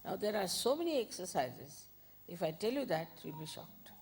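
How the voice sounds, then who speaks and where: A woman speaks as a spiritual teacher, unhurried and instructive. Her voice sits on the low side yet rises and falls a lot. A faint hiss runs under the recording. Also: big pitch swings. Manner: unhurried, instructive, gentle with soft asides. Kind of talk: informal spiritual talk.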